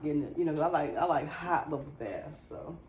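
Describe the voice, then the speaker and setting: A woman's voice: low-pitched, lively intonation, brisk, a little mellow, reverberant, slight background noise. A woman vlogger and mother, chatting casually and confidingly to her viewers while she cleans and cooks at home. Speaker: lifestyle vlogger, mother and wife. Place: home kitchen.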